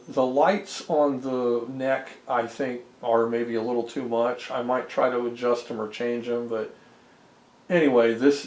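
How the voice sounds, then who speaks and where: Male hobbyist developer, casual rambling video commentary, mid-range voice. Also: mid-range voice. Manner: rambling, many fillers and restarts, chuckles. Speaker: homebrew game developer.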